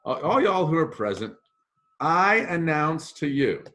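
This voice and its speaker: A man voicing a pushy emperor at a wedding sacrifice, barking insistent commands in a raised, high voice. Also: big pitch swings, measured pace, pushed and bright, exaggerated voice. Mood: commanding.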